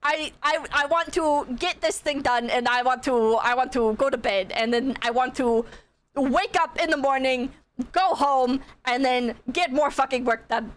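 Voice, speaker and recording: A young woman streamer tells a story in a high, bright-pitched voice. She is animated and casual, swears freely, and laughs through her telling. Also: measured pace.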